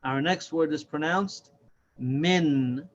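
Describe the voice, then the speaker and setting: Slow, patient man teaching reading. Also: a little high, dull audio, slight background noise. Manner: patient, repeats each syllable slowly. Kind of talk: slow step-by-step reading lesson.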